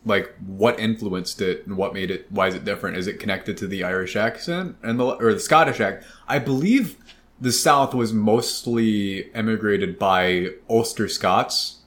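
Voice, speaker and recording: A man's voice: lowish voice, moderate pace, a bit bright. A man with a Midwestern American accent, rambling in casual chat as a podcast co-host, swearing and restarting his sentences.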